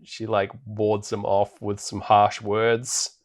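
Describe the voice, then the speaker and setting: Man, podcast co-host, casual chat, fairly low voice, chuckles, filler-heavy. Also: monotone, takes it slowly. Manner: chatty recapping with frequent ums and laughs.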